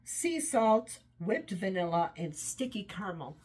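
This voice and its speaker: A woman's voice: lowish voice, lively intonation, unhurried, pauses often, slightly rough. A woman casually reviewing wax scents, rambling and enthusiastic, trailing off often, her voice tired and run down. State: voice tiring, run down. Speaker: home fragrance vlogger.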